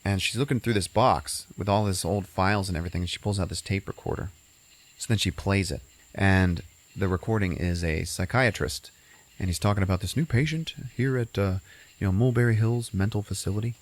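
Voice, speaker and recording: A man's voice: low-pitched, a little fast. A man hosting a podcast and casually recapping a movie in a rambling way, full of fillers. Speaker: podcast host.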